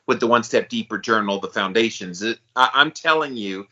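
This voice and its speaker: A man's voice: on the low side, fairly quick, hardly any pauses, pushed and bright. A man co-hosting a podcast in casual chat, talking with eager, hyped-up enthusiasm. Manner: enthusiastic, self-described hype guy. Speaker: podcast co-host. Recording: slightly dull, lo-fi sound.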